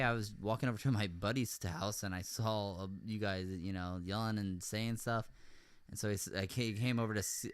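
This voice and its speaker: A man hosting a podcast, recounting events in casual chat, rambling with many fillers and getting animated when he rants. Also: fairly low pitch, clean tone. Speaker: podcast host.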